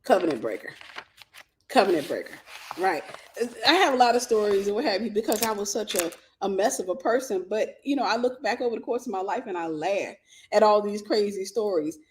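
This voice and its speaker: A woman's voice: mid-range voice, a little fast, slight background noise. Woman ministry host rambling thru a wild story, laughs a lot, casual slangy talk. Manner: animated, bursts into laughter, vernacular. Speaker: ministry host giving dating advice.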